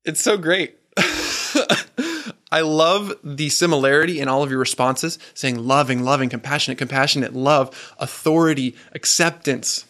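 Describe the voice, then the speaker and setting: A married man preaching a sermon, earnest and emphatic, slowing down and questioning the audience. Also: mid-range voice, a bit bright.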